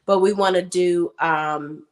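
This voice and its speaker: Chatty woman host, fairly low voice. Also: fairly even intonation, slow pace. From Maryland. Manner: chatty, laughs often, calls viewers "y'all". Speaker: show review host. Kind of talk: casual live chat with viewers.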